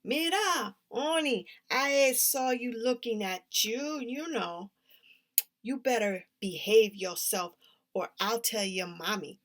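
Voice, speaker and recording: A woman's voice: slow, fairly bright tone. Woman doing a sassy singsong eleven-year-old girl. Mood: teasing. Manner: high, teasing singsong, sprinkles Spanish words.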